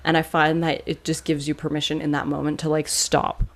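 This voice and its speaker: A podcast co-host speaking frankly and reflectively, swearing casually in relaxed conversation. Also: mid-range voice, brisk. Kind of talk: casual chat.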